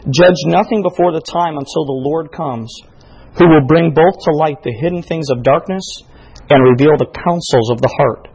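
A male preacher delivering a sermon, reading scripture and then pressing his points with climbing emphasis. His voice sits a little high for a man, with a husky, slightly breathy edge. He talks straight to his congregation, often acting out the questions he puts to them. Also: a little mellow. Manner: preaching with rising emphasis and quoted exchanges. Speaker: pastor.

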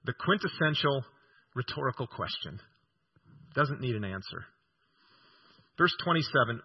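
A male pastor preaching a sermon, earnest and measured, slowing down to read scripture aloud. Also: mid-range voice, expressive, husky, highs cut off.

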